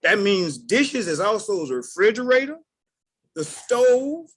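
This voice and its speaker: A man, telling stories on a group call in an animated way, dropping low then bursting out loud. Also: measured pace, husky. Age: 60s. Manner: animated, swings between low mutters and loud outbursts. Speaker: call participant sharing a story. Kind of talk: casual storytelling.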